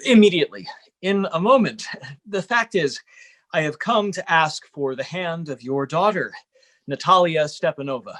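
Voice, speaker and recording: A man plays an anxious, overly formal suitor of thirty-five. He stammers, clears his throat and fusses over his words. His voice sits a little high. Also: expressive, normal speed, fairly bright tone. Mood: agitated. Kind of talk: Zoom play reading. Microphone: computer mic on video call.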